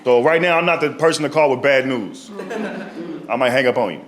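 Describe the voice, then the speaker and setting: A male stand-up comedian telling stories in an animated way, often checking in with the crowd. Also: medium pitch, fairly quick. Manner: animated, storytelling, often asks "right?". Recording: live club with loud audience laughter.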